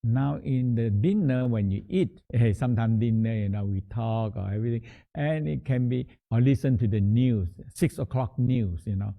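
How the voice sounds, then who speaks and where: A man guiding a meditation practice in a halting, repetitive teaching manner, often restating words as he explains. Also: mid-range voice, gravelly. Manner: halting, repeats words, slow explanatory phrasing. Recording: tinny phone-like sound.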